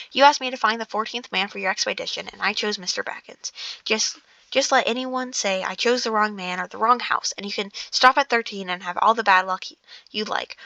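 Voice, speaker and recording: A woman's voice: medium pitch, pushed and bright, no echo. A woman voicing a stern, commanding old male wizard in a storybook reading, often repeating words as she corrects herself. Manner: stumbling, self-correcting reading. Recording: dull lo-fi recording.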